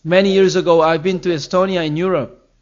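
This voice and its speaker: A man's voice: high-pitched, steady tone, brisk, muffled recording. A man preaching a sermon as pastor, earnest and emphatic, his voice rising on key phrases.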